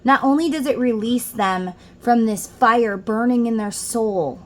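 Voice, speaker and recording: This woman's voice is fairly high and a little slow. She's a tarot reader doing a relaxed reading at home, chatting away and pausing her explanations to read out song lyrics.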